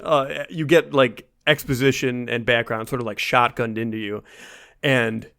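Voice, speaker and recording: A man co-hosting a podcast, explaining in relaxed casual chat with many fillers. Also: mid-range voice, measured pace, gravelly. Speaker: podcast co-host.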